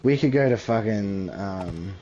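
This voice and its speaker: A man's voice: lively intonation, unhurried, mellow, slight background noise. A young man swearing freely in casual chat while playing a game. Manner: crude, slangy, swears a lot. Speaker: gamer. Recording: dull low-fi home mic.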